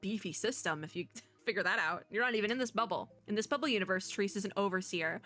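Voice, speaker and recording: A young woman VTuber plays a story game, chatty and giggly, reading the dialogue out loud in between her own excited asides. Her voice is mid-range and fast, with soft music playing behind her.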